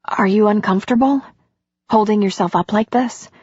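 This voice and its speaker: A woman putting on a breathy, emotional heroine. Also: medium pitch, a little mellow, no room sound, pitched above the performer's own voice, close to an everyday voice. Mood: tender. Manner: emotional, self-doubting, quick. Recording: dull lo-fi audiobook recording.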